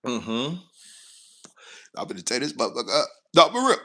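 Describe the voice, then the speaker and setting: A man's voice: mid-range voice, moderate pace, husky. A man, a truck driver telling a rambling, profane story in casual talk. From Chicago, West Side. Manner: animated, cursing, laughing, rambling.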